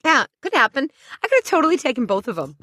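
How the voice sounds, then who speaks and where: Lively high-voiced woman telling a story. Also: fast talker, no room sound, studio quality. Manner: animated, sarcastic, acts out quotes loudly. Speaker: podcast co-host. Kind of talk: comedic storytelling chat.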